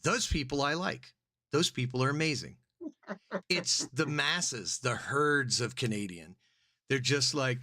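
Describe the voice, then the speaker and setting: A man co-hosting a podcast, chatting casually and rambling with mocking voices. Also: moderate pace. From United States. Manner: animated, rambling, puts on mocking squeaky voices. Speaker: podcast co-host. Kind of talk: casual comedic podcast chat.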